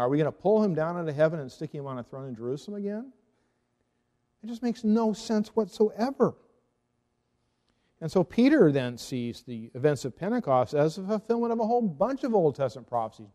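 A man's voice: fairly high pitch, mellow, big-room sound. A man, a Reformed pastor, giving an earnest, argumentative theological talk full of rhetorical questions.

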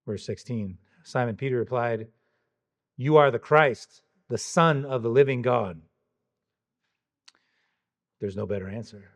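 A man's voice: mid-range voice, unhurried, pauses often. Man preaching an emphatic expository sermon. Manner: emphatic, questioning, pointed rhetorical emphasis.

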